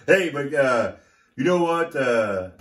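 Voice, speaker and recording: A man's voice: mid-range voice, very animated, slow pace. A man co-hosting a casual sports picks show, laid-back and laughing easily, tossing in "man" often. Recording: distant mic in an echoey room.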